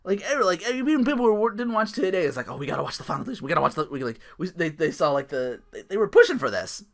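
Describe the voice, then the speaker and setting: A man's voice: on the high side, very animated, racing, gravelly. A young man hosting a casual solo podcast, rambling, swearing freely and often breaking into laughter. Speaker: podcast host.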